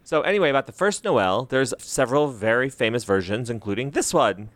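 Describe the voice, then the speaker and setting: A man's voice: medium pitch, lively intonation, a little fast, fairly bright tone. A man co-hosting a podcast in casual, playful chat, often drifting off topic. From United States. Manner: playful, jumps to silly voices. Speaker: podcast co-host.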